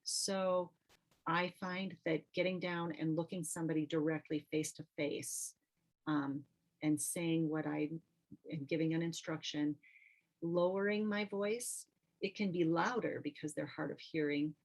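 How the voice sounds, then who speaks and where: A middle-aged woman with a low voice leads an online art workshop over a video call. She talks in a relaxed, conversational way, pausing on fillers and restarting her sentences. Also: low-quality recording. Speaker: teaching artist and nurse. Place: home or studio, video call. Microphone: computer mic on video call.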